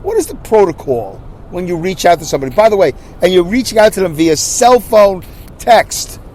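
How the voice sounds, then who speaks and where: A male podcast host tells a story in a lively, exasperated rant. His fairly high voice jumps up and down as he restarts his sentences, keeping a casual, talk-to-the-listener tone. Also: brisk, slight background noise. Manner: animated, exasperated ranting with repeated restarts.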